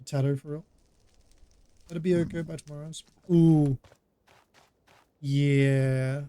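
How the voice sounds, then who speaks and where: Chatty man from Australia, slightly high voice. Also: flat delivery, measured pace, pauses often, warm tone, a little hiss or hum. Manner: chatty, laughing, talks to chat between game moves. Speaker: streamer. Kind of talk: casual live gameplay chat.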